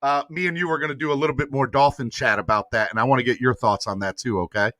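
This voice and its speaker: A man's voice: medium pitch, fast talker, no echo, studio quality. A man hosting a casual sports podcast livestream, talking in loose slang and urging viewers to hit like. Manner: animated, slangy, begs viewers for likes. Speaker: podcast host.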